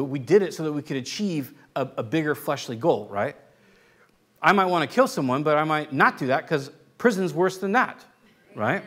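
A man with a notably high voice delivers a conversational sermon. He teaches informally and keeps checking in with the congregation as he explains. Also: a bit bright. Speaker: pastor.

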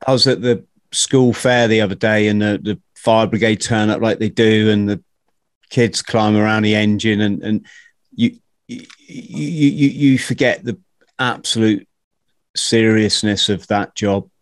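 A man hosts a casual interview, thinking aloud in halting bursts and often restarting his sentences. His voice sits on the low side. The recording is dry, with no room sound. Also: steady tone, dry recording. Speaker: podcast host.

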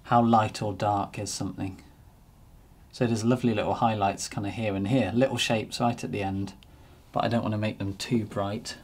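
A man narrating a painting demonstration as he works, relaxed and thinking aloud. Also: on the low side, moderate pace, husky. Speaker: painting teacher.

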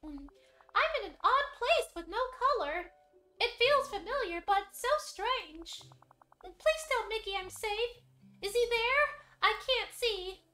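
A woman voicing a sweet, gentle female cartoon mouse who sounds lost and longing, reading game dialogue aloud in character. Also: lively intonation, echoey room, a little hiss or hum, heavily acted. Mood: worried. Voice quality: soft, tiny high-pitched voice. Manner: slow, wistful and tender.

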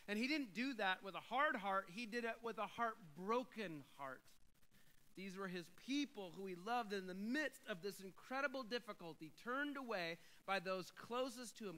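Man, pastor, sermon, emphatic, high voice, bright and forceful. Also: lively intonation, moderate pace, low-quality recording. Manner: emphatic, swells to loud declarations.

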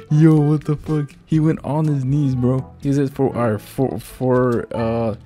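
A man doing gameplay commentary, excitable and laughing often, swearing freely. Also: mid-range voice, unhurried, soft background music. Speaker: gaming YouTuber.

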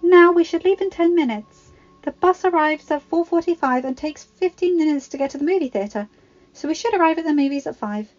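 Woman putting on a squeaky fussy know-it-all teen girl, loud and bossy, kinda dull recording. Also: expressive, faint music behind. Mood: eager. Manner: brisk, eager, fussy. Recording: slightly dull home recording.

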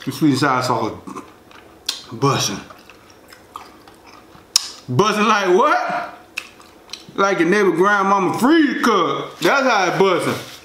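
A man's voice: sits high, very animated, measured pace, sharp tone, slight background noise. A man chatting casually between bites in a mukbang, slangy and laid-back. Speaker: food vlogger. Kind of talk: casual mukbang chat while eating. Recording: roomy echo.

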